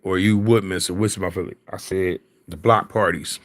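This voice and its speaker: A man's voice: deep voice, fairly even intonation, a little fast, no room sound. Casual-chat man, laughing storyteller, dry close mic. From Philadelphia. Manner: storytelling, laughs often, slangy.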